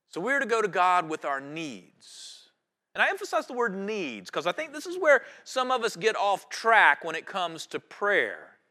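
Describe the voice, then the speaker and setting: High, bright-voiced preacher man. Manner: rhythmic preaching with sweeping rises and drops in volume. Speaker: pastor. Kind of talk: sermon.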